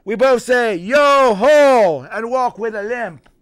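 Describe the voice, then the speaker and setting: A man's voice: extremely high pitch, expressive, slow pace, slight background noise, full character voice. A man playing a jolly, bawdy pirate captain who cracks puns and chuckles at his own jokes with piratey growls. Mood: jokey. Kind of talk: stand-up pirate character act.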